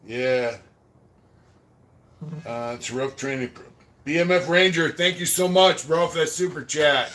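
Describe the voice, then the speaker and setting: A man's voice: on the high side, a little slow, long pauses, slight background noise. A man hosting a podcast, telling prison stories in a rambling, profane way and thanking viewers for super chats. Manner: rambling, profane, trails off quietly. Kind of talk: casual storytelling about prison life.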